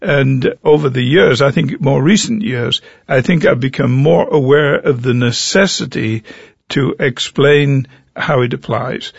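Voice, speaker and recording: An older man with an English accent tells stories from his years as a pastor. His voice is gravelly with a husky, breathy edge. The recording is dry and a little dull. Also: medium pitch, a little slow, no room sound. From England. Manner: animated anecdotal storyteller. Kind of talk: interview storytelling.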